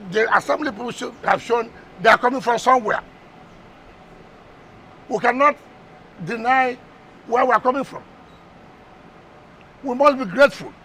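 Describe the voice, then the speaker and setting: A politician with a Nigerian English accent argues in a TV interview, pushing back with rapid rhetorical questions and repeated words. His voice sits very high and sounds bright and sharp. A faint hum of background noise runs under the talk. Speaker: politician guest. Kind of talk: heated TV interview.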